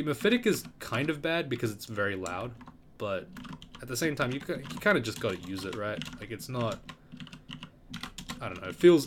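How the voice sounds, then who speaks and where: Over keyboard typing and clicks in a noisy background, a man with a lowish voice gives casual, rambling commentary on his gameplay. He's laid-back, thinking aloud as he plays and using plenty of fillers.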